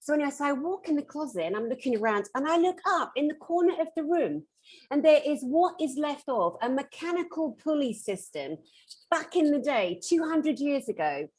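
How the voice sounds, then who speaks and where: A woman's voice: sits high, moderate pace, poor audio. A woman working as a metaphysical therapist, telling a story on a conference panel and acting out the lines of the people in it. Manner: animated, acts out quoted dialogue.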